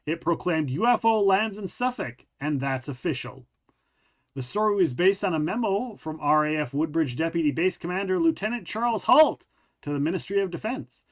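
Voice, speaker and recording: Male podcast host, a bit high-pitched, casual reader who stumbles and restarts sentences. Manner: stumbles and rereads while reading aloud. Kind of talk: casual chat and reading a news article aloud.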